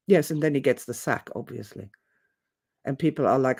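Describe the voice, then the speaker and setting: Woman presenter, monologue, theatrical, digressive, mellow warm voice. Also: extremely low pitch, slow pace, long pauses, breathy edge. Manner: animated, theatrical, acts out quotes, digressive. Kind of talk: opinionated monologue.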